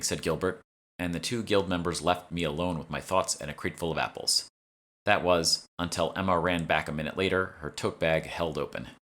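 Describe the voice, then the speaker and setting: A man with a low, deep voice reading his own novel aloud at a steady, measured pace. The tone is bright and forward despite the low pitch. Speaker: author narrating his audiobook. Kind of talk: audiobook narration.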